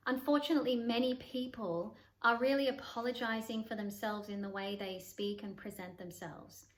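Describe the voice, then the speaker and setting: A woman voice coach teaching to camera in an encouraging, explanatory tone, now and then demonstrating breathy, nasal or creaky voices. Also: on the high side. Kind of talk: voice lesson to camera.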